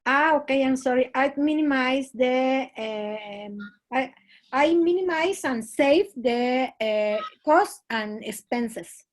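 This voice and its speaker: Slow, hesitant woman. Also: sits high. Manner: hesitant, searching for words. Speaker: student. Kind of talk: online English class.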